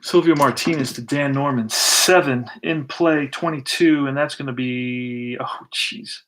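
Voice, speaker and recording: A man hosts and narrates a tabletop baseball replay in a casual play-by-play style, relaxed as he thinks aloud while rolling dice and pulling cards. His voice is mid-range and a bit slow.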